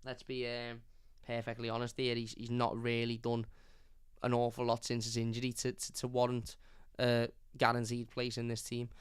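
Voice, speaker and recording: A man's voice: mid-range voice, completely flat delivery, normal speed, clear, resonant tone, no room sound, studio quality. A young man, hosting a fan channel and reviewing a match live, blunt and opinionated, reading out chat comments. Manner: blunt, opinionated, repeats points.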